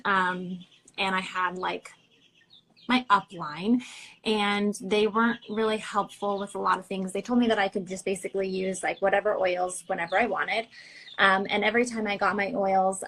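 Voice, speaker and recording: A woman's voice: mid-range voice, poor audio. A young adult woman telling her story as an interview guest in casual chat, full of "like" fillers, acting out what others said. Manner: chatty, many "like" fillers, quotes others in lively voices.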